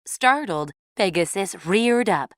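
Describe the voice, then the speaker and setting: Slow, measured woman storyteller. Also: mid-range voice, expressive, no echo, clean studio sound. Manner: clear, measured read-aloud. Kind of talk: storybook reading for English learners.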